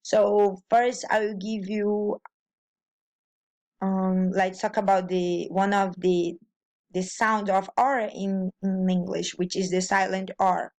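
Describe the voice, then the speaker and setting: A woman's voice: medium pitch, level tone, slow, darkish tone. A woman from Brazil with a Brazilian Portuguese accent, explaining pronunciation and grammar as a language teacher, with frequent restarts and fillers.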